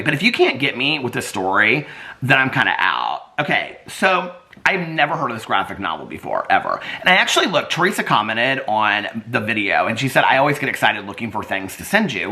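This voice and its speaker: A middle-aged man vlogging casually, excitable and chatty, laughing often and using lots of fillers. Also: medium pitch. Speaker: vlogger reviewing a graphic novel. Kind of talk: casual chat.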